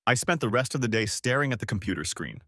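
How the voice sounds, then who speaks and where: A man narrating a dramatic first-person story, expressive and bitter. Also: mid-range voice, quick pace, no echo, clean studio sound.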